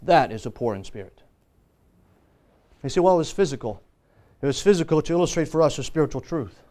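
A man preaching a church sermon as pastor, emphatic and swinging between forceful stresses and sudden quiet drops. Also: on the high side, animated, a little fast. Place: church service.

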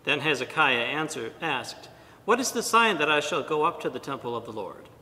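A priest reads scripture and preaches in a measured, deliberate manner, pausing between phrases. His voice is very bright and forceful, sitting a little high for a man. It rings out with a long church reverb over a faint low rumble. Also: animated. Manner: measured, deliberate reading with pauses. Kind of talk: liturgical reading and homily.

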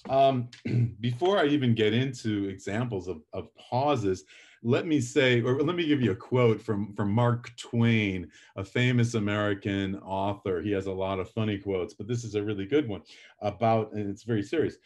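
A man's voice: on the low side, lively intonation, moderate pace, darkish tone, breathy edge. Middle-aged guy lecturing on public speaking, chatty, jokes at himself, hams up the examples. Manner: chatty, self-deprecating, plays out examples dramatically. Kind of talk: live lecture to a class.

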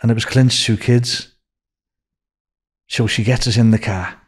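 Scouse man, 60s, animated storyteller, middle-pitched voice. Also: a little slow, breathy edge. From Liverpool, England. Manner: animated, acts out quoted speech in a raised voice. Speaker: podcast guest. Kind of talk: anecdotal storytelling.

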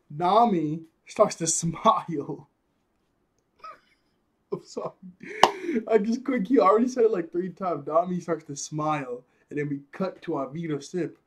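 A man's voice: on the high side, slight background noise. A man casually recapping an anime episode, rambling and laughing often as he acts out characters' lines. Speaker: anime reviewer.

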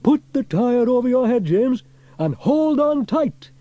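A man voicing a calm, steady adult male firefighter who reassures and calls out orders. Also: fairly high pitch, moderate pace, lo-fi sound, voice pushed up. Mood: calling out. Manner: reassuring, raised voice when calling out.

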